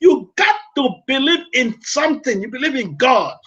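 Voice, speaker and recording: A man's voice: extremely high pitch, big pitch swings, normal speed, a bit bright, highs cut off. A man hosting a radio show, preaching motivation in an emphatic, repetitive, exhorting way. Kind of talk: preaching broadcast.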